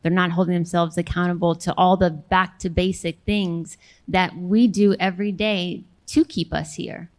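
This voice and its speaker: A woman's voice: fairly low pitch, level tone, normal speed. A woman panelist speaking in a firm, direct way. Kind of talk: panel discussion advice.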